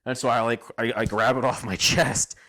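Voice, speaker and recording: Halting man reliving a firefight. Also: medium pitch, steady tone, bright, forceful tone. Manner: halting, emotional, laughs while recalling. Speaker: military veteran recounting combat. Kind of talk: casual storytelling conversation.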